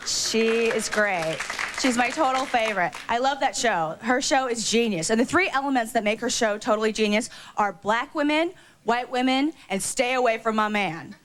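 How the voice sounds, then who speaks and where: A woman doing a stand-up routine on stage, gossipy and quick with asides and fillers. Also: a little high, background noise. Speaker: stand-up comedian.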